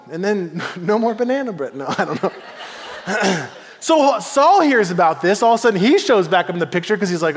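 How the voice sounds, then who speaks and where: A man's voice: sits high, moderate pace, in a large hall. A man preaching a sermon, telling a story playfully and acting out the voices of its figures. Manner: animated, playful storytelling with acted quotes. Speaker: pastor.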